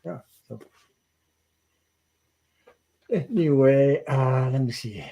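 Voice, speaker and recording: A man's voice: mid-range voice, normal speed, a little mellow, muffled recording. A man hosting a casual live-stream chat, talkative and laughing often between sentences. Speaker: host.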